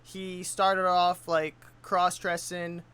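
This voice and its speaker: A man's voice: sits high, completely flat delivery, takes it slowly, pushed and bright, clean tone. A man giving casual reaction commentary on a video, full of laid-back slang.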